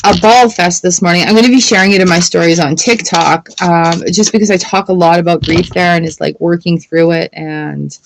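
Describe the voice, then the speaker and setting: A woman's voice: on the low side, fairly even intonation, brisk, creaky, few pauses, background noise. A woman tarot reader chatting casually on a livestream, rambling and laughing often as she pulls cards. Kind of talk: casual livestream chat while reading cards.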